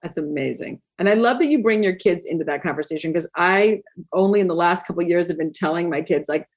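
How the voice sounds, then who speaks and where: A woman's voice: on the low side, quick pace. A woman hosting an interview, upbeat and encouraging in casual chat. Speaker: interview host.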